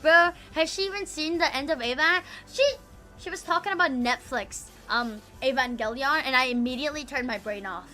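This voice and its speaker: A woman's voice: high-pitched, moderate pace, bright, forceful tone, soft background music. A woman streamer in casual livestream chat, rambling, swearing a lot and breaking into giggles.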